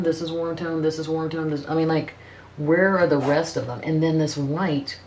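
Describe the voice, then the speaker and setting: A woman's voice: sits low, darkish tone, slight background noise. A middle-aged woman chatting casually as a beauty vlogger, blunt and profane, rambling with frequent restarts. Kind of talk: casual makeup review chat.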